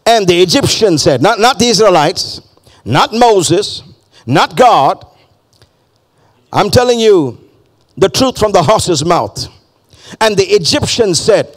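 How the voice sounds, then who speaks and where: A man's voice: sits high, expressive, a little slow. A male pastor preaching a fervent sermon, repeating phrases and calling on the congregation to respond.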